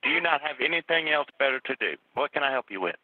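A man's voice: fairly high pitch, expressive, quick pace, no echo. A man working as a police dispatcher, curt and exasperated with the caller. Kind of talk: phone call. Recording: tinny phone line.

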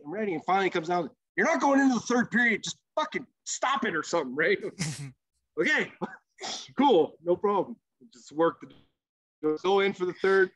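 A former hockey goalie, his voice on the high side, rambles through a casual story as a podcast guest, cursing freely and leaning on plenty of fillers. The lo-fi podcast audio sounds dull and carries no echo.

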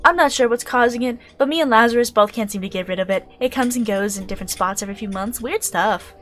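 Brief: a woman as a chirpy, pouty café girl, high and bouncy, faint music behind. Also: quick pace, a bit bright, close to an everyday voice. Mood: bubbly. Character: chirpy young female cafe worker, cheerful and petulant.

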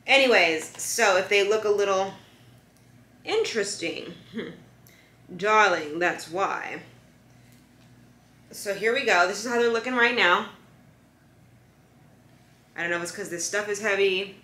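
A young woman vlogging at home in casual chat, chatty and softly coaxing her dog. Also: medium pitch, a little slow, long pauses. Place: home room. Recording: echoey room.

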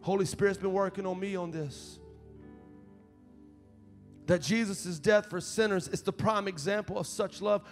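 A man's voice: sits high, steady tone, moderate pace, long pauses, soft background music. A young man preaching a sermon as associate pastor, telling a personal story in a conversational way and rising to fervent appeals. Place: church sanctuary.

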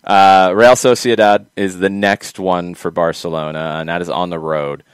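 A man's voice: low-pitched, fairly even intonation, moderate pace, clean tone, no echo. A man hosting a casual soccer talk show, chatty and rambling, correcting himself as he goes. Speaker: podcast host.

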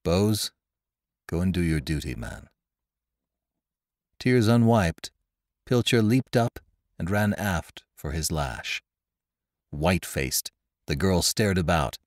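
A man narrating an adventure story in a dramatic, expressive reading. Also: deep voice, slow pace, no echo, clean studio sound. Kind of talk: audiobook narration.

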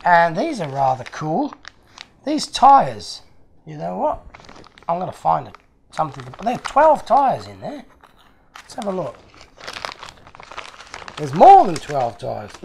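A man's voice: on the high side, gravelly, a little mellow, slight background noise. A man hosting his own channel, chatting casually and with delight as he unboxes fan mail, chuckling often.

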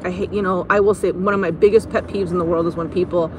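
An American woman hosting a casual live stream from inside a car, chatty and giggly and quick to poke fun at herself, talking into a phone held up. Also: on the low side, fairly even intonation, darkish tone. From United States. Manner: chatty, giggly, self-mocking. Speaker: livestream host. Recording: car road noise.

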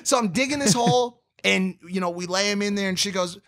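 A man hosting a podcast, telling a story in a casual, animated, profane way, laughing as he goes. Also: high-pitched, a little fast. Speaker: podcast host.

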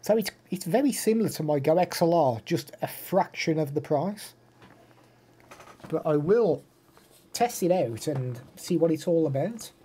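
A man's voice: fairly high pitch, lively intonation, measured pace, warm tone, slightly rough. A male streamer chatting casually during a live stream, showing gear and answering viewers, laughing easily.

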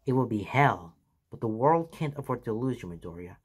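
A man voicing a weary, solemn older mentor hero in a fan fiction reading, speaking slowly and gravely. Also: medium pitch, lively intonation. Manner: grave, slow and deliberate.

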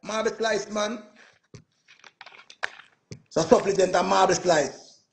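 A Jamaican man tells a casual, boastful story, his voice pitched high with a gravelly edge. He rants in an animated way and keeps tossing in "man" and "yo". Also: slow pace, a little hiss or hum. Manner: animated, boastful, repeats "man" and "yo", laughs through his telling. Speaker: music performer.

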